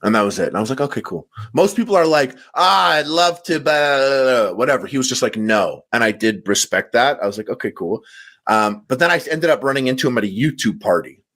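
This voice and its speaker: A man telling a long story on a podcast, with lively, swinging pitch. He slips into quick impressions of the people in the story. His talk is loose and casual. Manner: animated storyteller, acts out quotes. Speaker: podcast guest. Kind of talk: casual chat.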